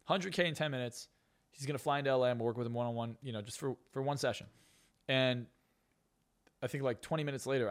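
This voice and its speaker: A man, a hypnotist and success coach, telling boastful stories as a podcast guest. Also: medium pitch. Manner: fast, boastful storytelling. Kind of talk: casual podcast interview.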